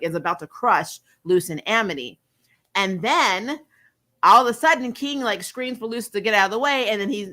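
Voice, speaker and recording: A young adult woman hosts a casual review chat with a bright, clear voice, talking in an easy, middle register. She is chatty and full of fillers, and often laughs as she retells a story. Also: medium pitch. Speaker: host.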